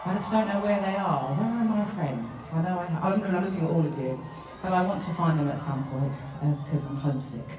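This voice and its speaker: A woman's voice: on the low side, a little fast, over music. Cheeky woman on a stage mic. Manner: cheeky, swears freely, laughs often. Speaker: singer performing on stage. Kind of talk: stage banter with the crowd. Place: large concert arena. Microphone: handheld stage mic via PA. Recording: crowd phone video, distant and echoey, loud crowd. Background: loud roaring crowd.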